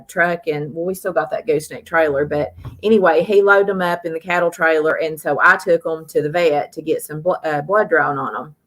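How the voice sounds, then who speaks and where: Bright-voiced woman telling a rambling story. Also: lowish voice. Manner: rambling, folksy, lots of "uh" and "you know". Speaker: live stream host. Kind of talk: casual storytelling chat.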